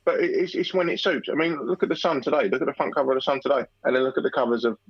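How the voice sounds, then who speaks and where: A man's voice: medium pitch, racing, slightly rough, dry recording, dull audio. A man chatting casually over a call as co-host, blunt and swearing freely. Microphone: call line.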